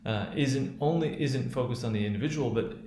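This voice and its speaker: Male teacher, mid-range voice, halting delivery full of restarts and tag questions, recorded in an echoey room. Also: mid-range voice, background noise. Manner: halting, with many restarts and fillers; checks in with "right?". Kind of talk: lecture analyzing a speech.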